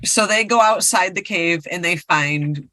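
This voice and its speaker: A woman's voice: lowish voice, measured pace, bright, forceful tone, no room sound. A woman co-hosting a podcast, casually retelling a ghost story and rambling with lots of fillers. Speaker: podcast co-host.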